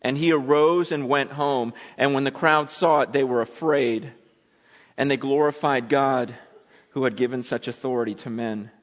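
Preacher with ringing hall echo. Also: male voice, mid-range voice, fairly even intonation, normal speed. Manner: dramatic storytelling, swinging from loud urgency to hushed intensity. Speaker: pastor. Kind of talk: sermon. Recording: long hall reverb.

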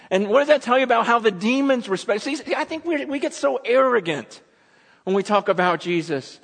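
A man preaching a sermon, telling stories dramatically and swinging between loud urgency and hushed intensity. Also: very high voice, lively intonation, a little fast, gravelly. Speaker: pastor. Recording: long hall reverb.

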